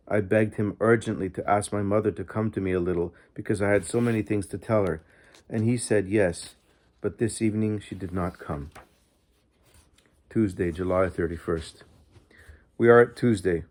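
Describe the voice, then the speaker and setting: A man's voice: on the low side, moderate pace. Man reading a saint's diary aloud. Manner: steady, earnest first-person reading. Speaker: audiobook narrator.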